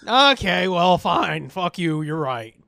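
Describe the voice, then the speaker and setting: A man's voice: sits high, big pitch swings, takes it slowly, vocal fry, sharp tone, dry recording, studio quality. Profane, rambling male podcast co-host. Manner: profane, rambling, laughs a lot. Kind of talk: casual chat.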